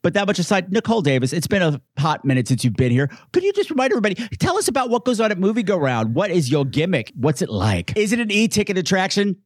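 A man from New York hosting a podcast, theatrical and campy with quick jokes. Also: sits high, very animated, slightly rough, no echo, clean studio sound. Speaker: podcast host. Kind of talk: casual podcast chat.

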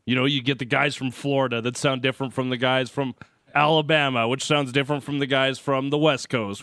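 A man co-hosting a radio show, relaxed, asking follow-up questions. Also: mid-range voice, no echo, clean studio sound. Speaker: radio co-host. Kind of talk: casual studio banter.

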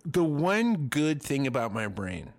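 A man's voice: mid-range voice, very animated, takes it slowly, creaky. A man in his forties, co-hosting a casual comedy chat, rambling and self-deprecating with crude jokes. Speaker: podcast co-host.

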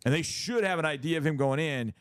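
A middle-aged man co-hosting a sports talk show, making his case in a lively, casual way, often acting out what others would say. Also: fairly high pitch, fast talker, no echo. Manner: animated, acts out quoted voices, repeats words.

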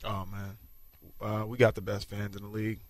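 A man, a pro football player, answering interview questions in a relaxed, modest way. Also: on the low side, moderate pace. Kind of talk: post-practice interview.

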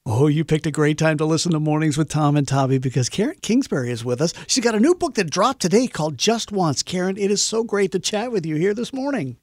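A morning radio host asking a guest questions in a relaxed, friendly way. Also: mid-range voice, fast talker, hardly any pauses, no room sound. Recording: dry close studio mic.

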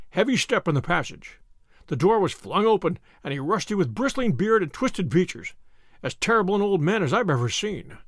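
Male narrator, measured and precise, animated pitch, close dry recording. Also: no room sound. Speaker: audiobook narrator. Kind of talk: first-person story narration.

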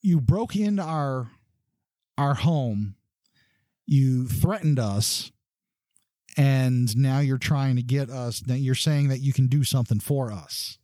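A man's voice: mid-range voice, slow, mellow, no room sound, studio quality, natural voice. A man doing a wary, stern woman smuggler. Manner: stern questioning, clipped commands. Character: wary female submarine smuggler, tough, practical.

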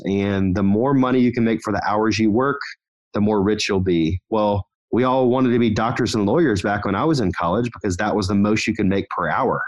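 A man with a fairly low voice speaks as a podcast guest. He talks in a relaxed, conversational way and tells his stories with energy, building to motivational points. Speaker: guest, company founder.

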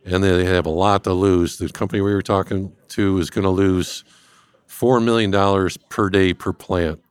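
A man speaking as a guest expert, explaining risk step by step in a measured way. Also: sits low, steady tone, clean tone, dry recording. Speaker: industrial cybersecurity guest expert. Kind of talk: explanatory interview talk.

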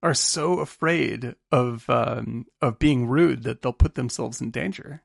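A man co-hosting a podcast, animated and laughing often as he acts out scenes from films in quick impressions. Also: medium pitch, creaky, no room sound, studio quality. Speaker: podcast co-host. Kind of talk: casual film discussion.

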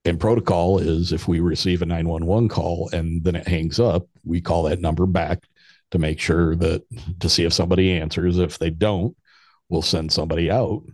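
Man, 50s, very deep voice, casual storytelling, rambling with restarts, dry close sound. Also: fairly even intonation, moderate pace, dry recording. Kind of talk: casual personal anecdote.

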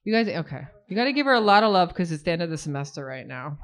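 A woman's voice: lowish voice, big pitch swings, racing. A woman hosting a live reading series, introducing the night's author with playful asides. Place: live reading event indoors.

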